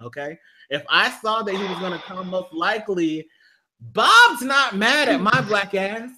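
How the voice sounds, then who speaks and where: A man with a high, bright voice tells a profane story on a live talk show. His pitch swings widely as he acts out each quote, loud and animated throughout. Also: measured pace, slight background noise. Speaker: radio show co-host.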